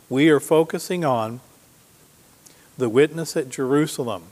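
A man's voice: medium pitch, normal speed, a little mellow. Male preacher, mid-range voice, teaches verse by verse and quizzes the congregation; long hall reverb. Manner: teaching Bible verses, reading scripture aloud with emphasis; asks the congregation questions. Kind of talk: sermon. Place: church sanctuary.

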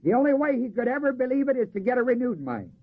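A male preacher delivers a sermon in a husky, high voice with a lively rise and fall, captured on a tinny old recording. He asks the congregation to fill in the ends of his lines and slows down to stress key phrases.

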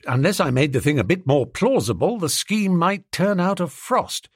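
A man reading a comic novel in the first person, in a jaunty, animated storytelling manner. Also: a little high, normal speed, hardly any pauses, husky, no room sound, studio quality. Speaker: audiobook narrator.

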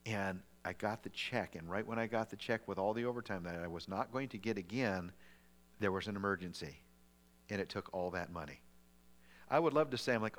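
A middle-aged man preaching a sermon as pastor, in a conversational way with lively asides, often restarting his words. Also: on the low side, brisk. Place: church sanctuary. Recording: long reverb of a large hall.

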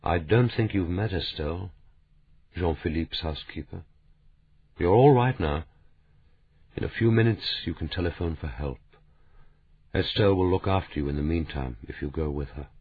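A man voicing a cold, vengeful man who speaks quietly and with command, in a storybook reading. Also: deep voice, animated, normal speed, long pauses, breathy edge, heavily acted. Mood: calm. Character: cold vengeful middle-aged man passing judgment. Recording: tinny phone-like sound.

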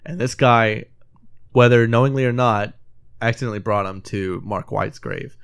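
Co-hosting a casual movie review podcast, a man gets teary and chokes up while retelling the ending, acting out the characters' lines and swearing along the way. His smooth, clear voice sits at an ordinary pitch and normal speed, recorded close and dry without room echo.

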